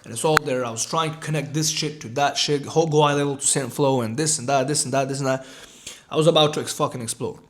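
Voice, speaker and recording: A man's voice: mid-range voice, fairly even intonation, fast, slight background noise. A young man telling a personal story in a casual, profane way, often repeating himself and saying "bro". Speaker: online business creator.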